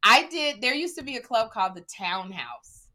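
Middle-aged female comic, lively talk with a swinging pitch, joking storyteller. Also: normal speed. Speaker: stand-up comedian. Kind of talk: casual podcast chat.

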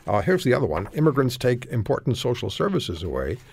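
A man from Canada hosting a radio talk show, animated and rambling as he searches for words. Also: mid-range voice, fairly quick, gravelly, breathy edge.

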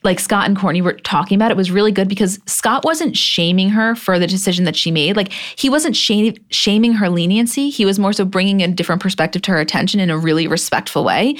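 A young woman co-hosting a podcast in casual chat. She runs through scenes one after another, quotes lines and swears freely. Her voice sits at a middle pitch for a woman. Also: quick pace, few pauses. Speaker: podcast co-host. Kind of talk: casual chat recapping a reality show. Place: live podcast taping.

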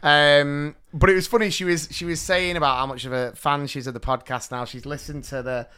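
A man, co-hosting a podcast and telling stories in a casual, animated way. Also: on the high side, fairly quick, clear, resonant tone. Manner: animated storytelling with laughs. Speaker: podcast co-host. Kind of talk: casual chat.

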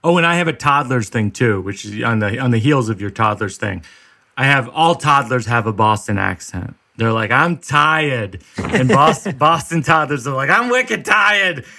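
A man's voice: mid-range voice, expressive, moderate pace, creaky, pushed and bright. A man hosting a podcast, chatting casually and spinning absurd comic bits. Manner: jokey, spins absurd bits. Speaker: podcast host. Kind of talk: casual chat.

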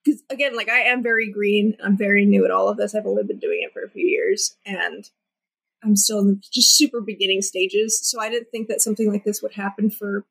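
A woman's voice: medium pitch, brisk, creaky, fairly bright tone, husky, poor audio. A young woman singer-songwriter chatting casually as an interview guest, with lots of "like" fillers. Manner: chatty, many "like" fillers, laughs often.

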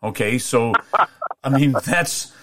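A man co-hosting a podcast, telling rambling stories in a lively way, full of restarts and asides. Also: medium pitch, slow. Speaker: podcast co-host, hockey play-by-play announcer. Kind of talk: casual storytelling.

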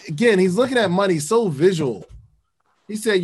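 A man's voice: high voice, big pitch swings, moderate pace, slightly rough. A man reading passages from a book aloud and breaking in with slangy, casual comments to explain them. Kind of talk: casual teaching talk.

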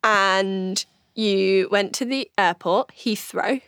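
A woman's voice: medium pitch, takes it slowly, fairly bright tone, clean tone, no room sound, clean studio sound. A woman, a comedian, retelling a story in a bubbly, giggly way, with playful asides. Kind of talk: casual storytelling.

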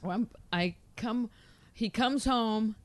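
A woman as a guest, telling personal stories in a lively, animated way, often laughing. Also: fairly high pitch, slow. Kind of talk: casual storytelling.

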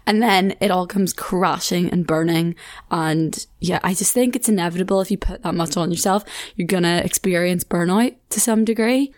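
Young southern Irish woman hosting a chat podcast, lowish voice, chatty with quick asides. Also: darkish tone. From Ireland. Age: 20s. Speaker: podcast host. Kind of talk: casual solo chat.

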